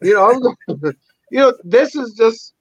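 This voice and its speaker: A man, an actor and army veteran, telling animated, profanity-laced stories as a podcast guest. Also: very high voice, measured pace, background noise. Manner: animated, rambling, heavy swearing. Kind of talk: casual storytelling interview. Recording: dull lo-fi dry recording.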